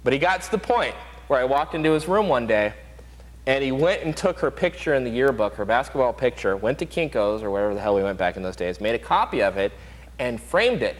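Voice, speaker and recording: A man holds forth on a casual opinion show, talking fast and pressing each point hard. His voice sits in a middle register, and the room adds a lingering reverb. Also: mid-range voice, big pitch swings. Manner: emphatic, rapid, argumentative. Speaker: show host.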